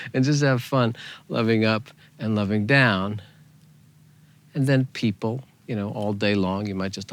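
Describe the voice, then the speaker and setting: A man teaching a spiritual meditation in a gentle, unhurried way, softly repeating phrases. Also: on the low side.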